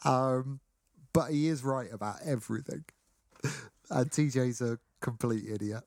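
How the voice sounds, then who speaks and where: A man's voice: medium pitch, a little slow, no echo, clean studio sound. A man co-hosting a podcast, chatting casually and wryly, acting out little scenes. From Britain. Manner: wry, animated, acts out quoted scenes. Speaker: podcast co-host. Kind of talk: casual chat.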